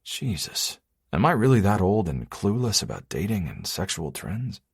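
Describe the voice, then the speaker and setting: Male narrator for a first-person romance audiobook, very deep and husky, with an intimate, measured read. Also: huge pitch swings, no room sound, studio quality.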